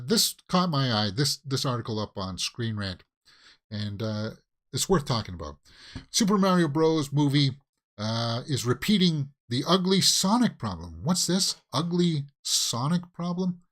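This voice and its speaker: A man hosting a daily movie news show, giving casual, opinionated commentary with lots of fillers and restarts. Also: mid-range voice.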